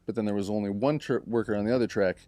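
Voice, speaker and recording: A man's voice: on the low side, very fast, warm tone. A man casually telling a long story on a podcast, swearing freely and acting out what others said. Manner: profane, acts out quoted people.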